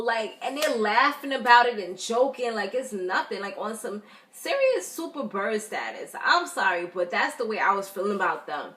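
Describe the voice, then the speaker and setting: A woman's voice: mid-range voice, moderate pace, few pauses. Woman doing a tv recap vlog, blunt and chatty, lots of likes and ums. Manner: animated, blunt, chatty with many fillers. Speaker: reality TV recap vlogger. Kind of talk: casual review chat.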